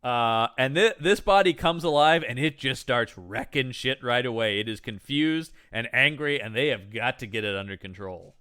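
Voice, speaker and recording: A man's voice: moderate pace, few pauses, sharp tone, clean tone. A man co-hosting a podcast, chatting casually about a horror movie and joking as he acts out lines from it. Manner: jokey, acts out quoted characters with sudden high pitch jumps. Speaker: podcast co-host. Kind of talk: casual movie review chat.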